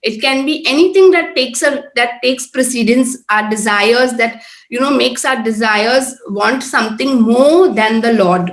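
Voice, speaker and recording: Middle-aged woman speaker, earnest conversational preaching, higher voice, echoey room. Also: measured pace. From Oman-based, Indian. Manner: earnest, conversational, repeats tag questions. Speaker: prayer group speaker. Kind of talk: informal sermon talk.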